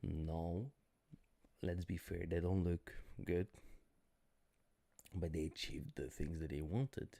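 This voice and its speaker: A man on a casual live stream, hoarse and tired, talking bluntly and rambling with many restarts. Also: low-pitched, fairly even intonation, takes it slowly, pauses often, dark tone. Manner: rambling, blunt, self-correcting. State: hoarse, voice cracking.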